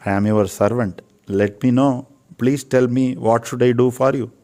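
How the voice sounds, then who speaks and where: A man's voice: mid-range voice, fairly even intonation, moderate pace, dark tone. An older man with an Indian English accent, speaking as an interviewed Ayurvedic physician in an earnest, preachy way, repeating phrases for emphasis. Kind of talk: earnest spiritual talk.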